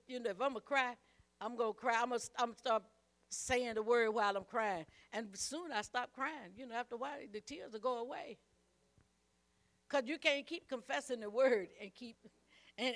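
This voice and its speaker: High bright-voiced woman preaching. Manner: emphatic, repeats phrases, calls on the congregation to respond. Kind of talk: sermon.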